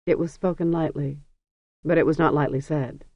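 An audiobook narrator reading a fantasy story in a measured, even storytelling manner. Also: medium pitch, no room sound. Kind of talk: scripted narration. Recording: dry, dull lo-fi recording.

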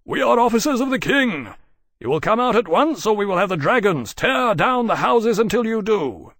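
Brief: curt commanding captain, crisp orders, dry close mic, the narrator in role. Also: male voice, on the high side, sing-song, brisk, no room sound, voice pushed up, full character voice. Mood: shouting. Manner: clipped, authoritative. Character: commanding naval officer, male, stern and curt.

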